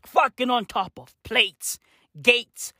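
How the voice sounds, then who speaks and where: A woman delivering a profane comedic rant, full of slang, dropping to low mutters and then jumping to high shouted outbursts. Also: takes it slowly, no room sound, studio quality. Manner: heavy slang fillers. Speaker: comic ranter.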